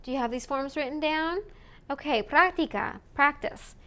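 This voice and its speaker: A woman teaching a recorded language lesson, slowly modeling words for students to repeat. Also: high voice, a bit bright. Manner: slow and deliberate, models words for repetition. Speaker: Spanish teacher.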